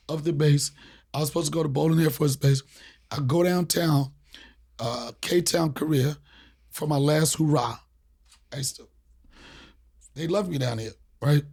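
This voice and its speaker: A man's voice: a little high, gravelly, breathy edge. A man from the Washington, D.C. area, hosting a podcast and telling a long story in casual chat with lots of swearing and acted-out voices. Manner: animated, profane storyteller acting out voices. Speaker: podcast host.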